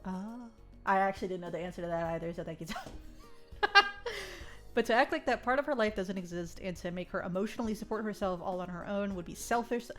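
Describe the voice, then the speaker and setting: A woman streamer reading a visual novel aloud in a soft narrating voice, then breaking into loud, giggly reactions to her chat. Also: medium pitch, fast, faint music behind.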